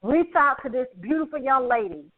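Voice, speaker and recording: A woman's voice: high voice, animated, fairly quick, no echo. A woman hosting her podcast. She talks with emphasis and emotion, repeats herself, and laughs often. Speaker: podcast host. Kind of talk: casual show sign-off. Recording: tinny phone-like line.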